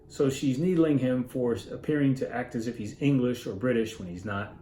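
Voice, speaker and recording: A man's voice: medium pitch, moderate pace, warm tone, reverberant, a little hiss or hum, poor audio. Musing man retelling a story. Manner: earnest, musing, with self-corrections. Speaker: literature reader explaining a story. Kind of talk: informal story summary and commentary.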